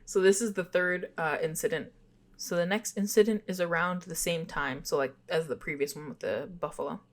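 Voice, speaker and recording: A young woman with a fairly low voice reads eerie tales aloud as a podcast co-host. She slips into casual chat between passages, giggling and apologizing when she trips over a word. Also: brisk. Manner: giggly, apologetic about stumbles while reading. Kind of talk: reading spooky stories aloud, casual chat.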